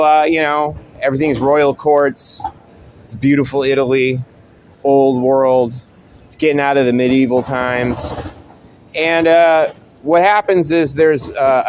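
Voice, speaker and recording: A man's voice: mid-range voice, a little hiss or hum. A man hosting a casual monologue, rambling and profane with frequent restarts. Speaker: host.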